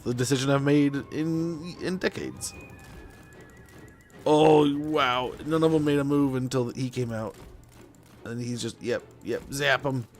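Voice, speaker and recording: Game streamer, young adult male, rambling casual chatter, mid pitch, faint music under. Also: a little slow. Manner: rambling and chatty, many fillers and laughs. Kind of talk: casual gameplay chat.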